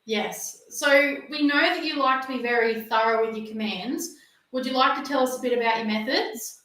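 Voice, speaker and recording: A woman's voice: a little high, moderate pace, fairly bright tone. A woman interviewing a guest, with friendly, brief replies and easy laughs. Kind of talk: casual interview chat. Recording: very echoey, distant from mic.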